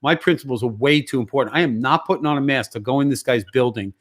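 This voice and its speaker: A man's voice: medium pitch, fast talker. Fired-up man ranting. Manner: heated, emphatic ranting with swearing. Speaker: guest. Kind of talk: casual podcast chat.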